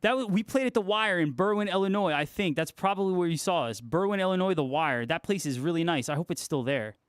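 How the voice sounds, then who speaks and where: Hosting a guitar livestream, a young man chats casually with viewers and reads their comments, relaxed and freely profane. He speaks fast in a high, animated, smooth voice, with clean studio sound and no room noise.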